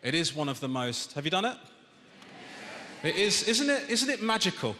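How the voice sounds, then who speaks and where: A man in his thirties performs stand-up with a high voice, working himself up into exasperated rants and shouted outbursts. He is heard in a large theatre with a long, roomy reverb and clear crowd ambience behind him. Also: very animated, moderate pace. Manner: exasperated ranting, rising to shouts. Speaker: stand-up comedian. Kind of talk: stand-up comedy routine. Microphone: stage microphone. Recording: echoey theatre, long reverb, audience noise.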